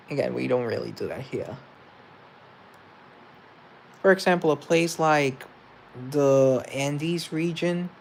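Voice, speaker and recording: A man's voice: mid-range voice, vocal fry, a little hiss or hum. A young man with a mixed English accent chatting casually to viewers in a rambling way, often correcting himself mid-sentence. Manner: rambling, self-correcting, quick asides. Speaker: host.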